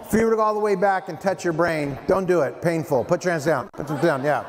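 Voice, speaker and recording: A youth prevention speaker gives a school assembly talk in a middle school hall, animated and playful and speaking directly to the students. His voice is fairly high and fast, and the recording has long hall reverb with faint room noise.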